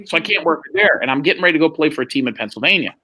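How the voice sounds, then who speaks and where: A man's voice: a little high, animated, very fast, pushed and bright, husky. A man telling anecdotes on a live stream chat, laid-back and profane. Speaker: guest.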